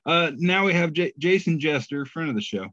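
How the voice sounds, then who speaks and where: A man's voice: on the high side, expressive, fairly bright tone, no room sound. Male podcast co-host, joking and self-deprecating, reading memes off a dull lo-fi mic. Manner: jokey, self-deprecating, drawn-out pauses. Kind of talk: casual podcast banter.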